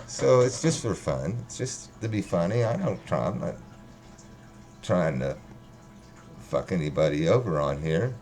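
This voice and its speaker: A man's voice: low-pitched, sing-song, measured pace, long pauses, darkish tone. A man rambling casually and profanely on a livestream, joking as he talks. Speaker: livestream host.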